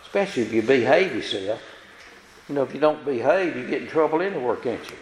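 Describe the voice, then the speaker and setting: This preacher talks fast in a mid-range, expressive voice, with a little hiss or hum on the recording. Folksy and plain-spoken, he keeps checking in with his congregation via tag questions, his words bouncing around an echoey church sanctuary.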